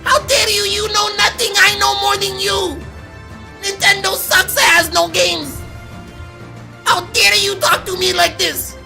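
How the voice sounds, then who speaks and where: A man putting on a shrill, indignant online troll, shouting and squealing in mockery. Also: flat delivery, measured pace, vocal fry, faint music behind, full character voice. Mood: outraged mockery.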